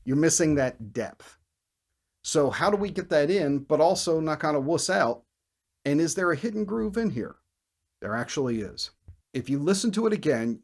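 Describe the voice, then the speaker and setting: A man teaching bass in a video lesson, who explains with energy and scats riffs and counts beats out loud. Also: animated, normal speed.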